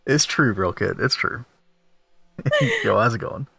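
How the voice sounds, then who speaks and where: A man's voice: medium pitch, lively intonation, measured pace, gravelly, sharp tone, breathy edge, dry recording. A man streaming a game and joking with chat and his wife in playful, self-mocking banter. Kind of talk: casual gameplay stream chat.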